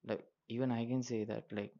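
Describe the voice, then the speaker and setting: A man with a sore throat, talking slowly and quietly in a casual solo monologue, full of fillers and restarts. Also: level tone. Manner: slow and low-voiced, many fillers and restarts. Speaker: podcast host. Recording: dull lo-fi recording.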